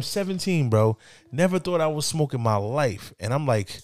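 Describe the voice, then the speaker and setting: A man casually telling a long personal story on a podcast, slangy and relaxed, getting animated when he quotes people. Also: on the high side, moderate pace. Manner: laid-back, slangy, animated when quoting others. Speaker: podcast co-host. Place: indoors, podcast setting.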